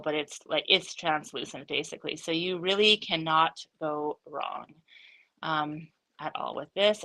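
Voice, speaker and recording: A woman's voice: lowish voice, sharp tone, poor audio. A woman hosting a live craft demonstration, chatty and upbeat, thinking aloud with frequent fillers. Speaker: craft studio host.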